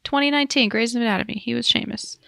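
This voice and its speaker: A woman's voice: on the high side, fast talker, gravelly, pushed and bright, no echo, clean studio sound. A woman co-hosting a podcast, chatting casually and laughing often. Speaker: podcast co-host. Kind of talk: casual chat.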